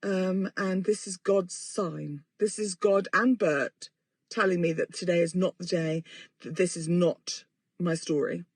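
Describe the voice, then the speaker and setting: A woman's voice: fairly low pitch, steady tone, unhurried, slightly rough, no echo. A woman, hosting a podcast in a rambling, self-mocking and sweary casual chat. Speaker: podcast host. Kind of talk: casual chatty monologue.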